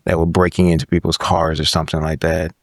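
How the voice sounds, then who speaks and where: A man's voice: extremely low pitch, fast talker, no echo. A man in his thirties, a podcast guest, telling a story in casual conversation and often checking in with "right?". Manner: animated storyteller, frequent "right?" tags.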